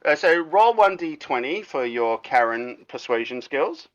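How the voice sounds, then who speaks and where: Lively male game master. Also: medium pitch, a little slow, no echo, dull audio. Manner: animated, laughing, voices exclaiming. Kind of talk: narrating a tabletop game.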